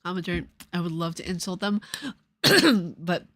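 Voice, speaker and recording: Sarcastic New York-New Jersey woman streamer. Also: on the low side. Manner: sarcastic, profane, quick swings between loud and muttered. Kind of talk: casual livestream chat.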